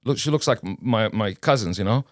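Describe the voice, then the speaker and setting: Lively storytelling man. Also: lowish voice, fairly quick, dry recording, clean studio sound. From Kuwait. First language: Arabic. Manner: animated, casual storyteller who acts out dialogue. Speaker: guest. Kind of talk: personal storytelling in an interview.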